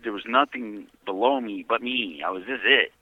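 A man giving an earnest, heavy personal testimony by phone from prison, often dropping to a hushed voice. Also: lowish voice, normal speed, no echo. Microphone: prison payphone handset. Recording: dull dry phone-call audio.

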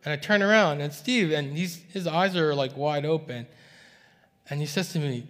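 A man preaching a sermon, telling a story to his church in a relaxed, conversational way. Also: on the high side, normal speed. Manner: conversational, recounting dialogue. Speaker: pastor. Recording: reverberant hall sound.

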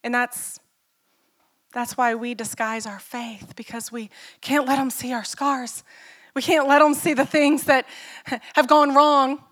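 A woman's voice: sits high, flat delivery, a little slow, a bit bright. A middle-aged woman pastor preaching a sermon in an earnest, personal way, telling stories and asking the listeners questions.

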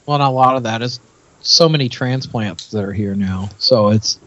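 A man's voice: medium pitch, normal speed, highs cut off, noisy background. A man from Nashville with no regional accent, chatting casually as a podcast guest, rambling and laughing as he goes. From Nashville, Tennessee. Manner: rambling, laughs often, restarts sentences. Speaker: podcast guest, event founder.

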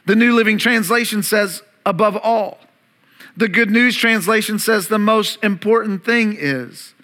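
A man's voice: sits high, measured pace, sharp tone. A man preaching a sermon as a pastor, reading scripture and repeating key words for emphasis while asking the congregation questions.

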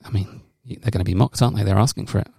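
A man's voice: lowish voice, racing, creaky, warm tone, breathy edge, no room sound, clean studio sound. A man co-hosting a podcast, joking crudely and swearing freely in casual banter. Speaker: podcast co-host.

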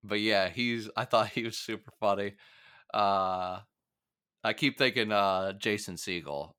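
A man's voice: on the low side, measured pace, pushed and bright, clear, resonant tone, dry recording, studio quality. A young man co-hosting a podcast, recapping a TV episode in casual, rambling chat with many fillers and frequent laughs. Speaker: podcast co-host.

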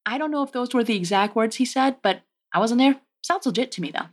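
A woman's voice: a little high, expressive, quick pace. A woman hosting a casual history podcast, telling the story with wry, joking asides. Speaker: podcast host.

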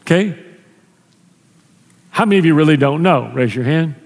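A male pastor preaches in a church sanctuary, his voice sitting a little higher than most men's. He talks to the congregation conversationally and stumbles over restarts as he goes. A long reverb trails each phrase through the big room. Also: lively intonation, normal speed. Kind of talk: sermon.

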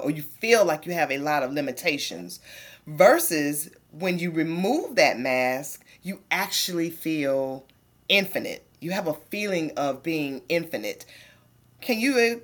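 A middle-aged woman from Georgia, hosting a podcast interview in an upbeat, emphatic way. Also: deep voice. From Georgia, USA. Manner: upbeat, emphatic, sing-song intro. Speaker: podcast host.

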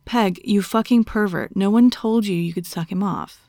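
A woman's voice: on the low side, fairly even intonation, moderate pace, creaky, mellow, dry recording, clean studio sound. A woman voicing a stern, dominant female doctor who gives orders and scolds in a half-whispered voice, as whispered role-play. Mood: scolding.

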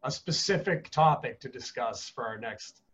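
A man co-hosting a casual podcast in a voice of middle pitch. He jokes easily and laughs a lot, and the recording sounds slightly muffled. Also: lively intonation, moderate pace, a bit bright. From United States. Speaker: podcast co-host.

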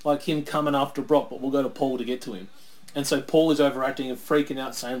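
A man's voice: medium pitch, fairly even intonation, quick pace, darkish tone. A man co-hosting a casual wrestling watch-along, talking through predictions in a chatty way and laughing often. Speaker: co-host. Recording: faint background noise, lawnmower outside.

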